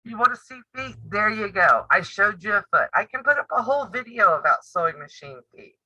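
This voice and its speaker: A woman in her fifties chats live with her viewers, blunt and teasing, laughing often. Her voice is very bright and sharp. It sounds dry and a little dull, like a modest home mic. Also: medium pitch, expressive, brisk, no echo. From United States. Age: 50s. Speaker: sewing and quilting channel host. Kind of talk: casual live-stream chat.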